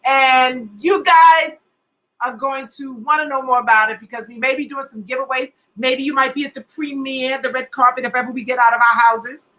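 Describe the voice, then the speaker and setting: A woman co-hosting a casual talk show, chatty and excitable, sometimes trailing off mid-thought. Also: high-pitched, moderate pace, low-quality recording. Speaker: co-host. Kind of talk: casual chat.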